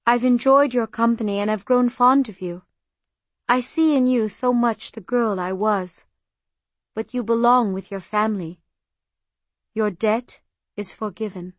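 A woman voicing a kind, grieving wealthy lady of the house in an audiobook, speaking gently and wistfully. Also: fairly high pitch, steady tone, measured pace, long pauses, no room sound, lightly acted.

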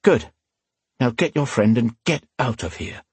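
A man voicing a cold, cultured gambler who speaks in slow, measured, menacing tones in an audiobook. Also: mid-range voice, lively intonation, husky, no room sound, exaggerated voice. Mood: quiet menace. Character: cold dangerous male gambler, quiet and cultured. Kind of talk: audiobook character voice.

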